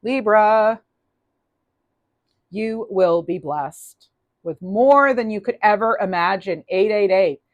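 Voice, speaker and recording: A woman's voice: medium pitch, takes it slowly, long pauses, no echo, muffled recording. Upbeat woman reading tarot, dry close sound. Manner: chatty, upbeat, frequent restarts and fillers. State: clearing throat, losing voice. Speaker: tarot reader. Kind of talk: casual spoken tarot reading.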